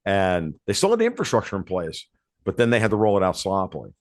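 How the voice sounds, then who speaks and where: A man hosting a podcast, talking in a rambling, animated way that keeps circling back on itself. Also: low voice, fast talker, no echo, studio quality. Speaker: podcast host. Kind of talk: casual podcast conversation.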